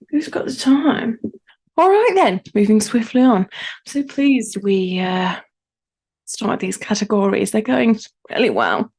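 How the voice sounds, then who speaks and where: A woman's voice: medium pitch, darkish tone. A woman co-hosting a podcast, chatting casually and rambling through funny stories with self-mocking humour. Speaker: podcast co-host. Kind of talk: casual chat.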